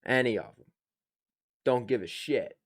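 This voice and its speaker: A man's voice: mid-range voice, lively intonation, measured pace. A man hosting a reaction video, talking bluntly and with lots of profanity in casual commentary.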